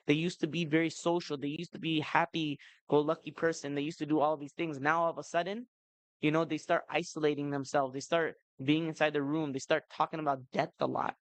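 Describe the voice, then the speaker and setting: A man's voice: on the high side, flat delivery, a little fast, no room sound, low-quality recording. A man in his thirties giving a talk to parents at a community event, chatty, with many asides to the audience. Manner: conversational, many "you know" and "right?" asides. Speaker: speaker at a family seminar.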